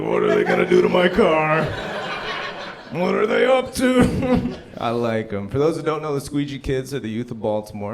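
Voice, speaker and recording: A man in his thirties doing a live stand-up set at a comedy club, telling stories and acting out people in loud, high voices. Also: background noise. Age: 30s. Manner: animated storytelling, acts out characters in loud high voices. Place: comedy club stage before a laughing audience.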